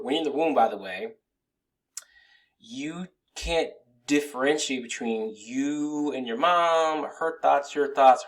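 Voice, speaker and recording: A man coaching straight to the viewer in a loose, rambling talk, swearing and restarting his sentences. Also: medium pitch. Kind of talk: casual motivational talk to camera.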